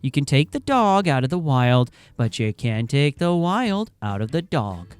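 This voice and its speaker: A man's voice: mid-range voice, big pitch swings, measured pace, smooth, soft background music. A man giving scripted narration for a video channel, with wry, conversational asides.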